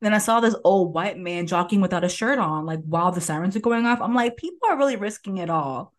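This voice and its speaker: A woman's voice: lowish voice, expressive, fast. Chatty, anxious-sounding young woman. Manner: chatty and self-described anxious, rambling with restarts. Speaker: podcast co-host. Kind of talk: casual chat. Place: father's home office.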